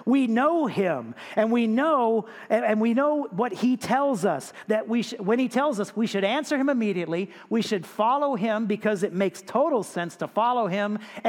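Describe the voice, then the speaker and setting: A male pastor delivering a sermon with a high-pitched voice, talking to his congregation like a conversation and throwing in rhetorical questions. His words trail off into the long reverb of a large hall.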